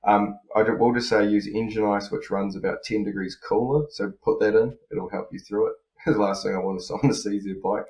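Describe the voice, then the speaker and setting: A man's voice: fairly low pitch, fairly even intonation, fairly quick, few pauses, a little mellow. A man, a motocross rider chatting casually as a podcast guest, rambling with lots of fillers. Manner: laid-back, rambling, many fillers. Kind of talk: casual chat. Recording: roomy echo.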